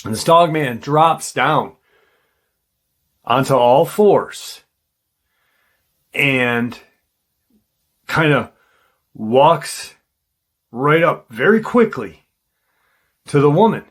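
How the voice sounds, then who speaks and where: This man's voice is mid-range, expressive, and a bit bright. As host of a paranormal channel, he casually relays a witness's encounter in a halting way, with many ums and restarts.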